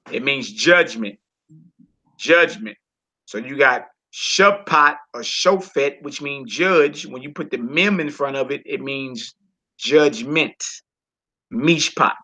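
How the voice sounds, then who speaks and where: A man teaching a Hebrew reading class in a relaxed, informal way, talking to students while he works the screen. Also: mid-range voice, slow. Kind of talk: casual online class lesson. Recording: lo-fi recording.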